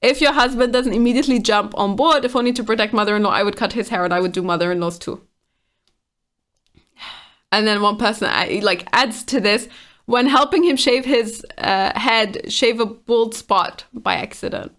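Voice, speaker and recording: A woman's voice: fairly high pitch, moderate pace, a bit bright. A woman casually reading online comments aloud and reacting to them with frank exasperation.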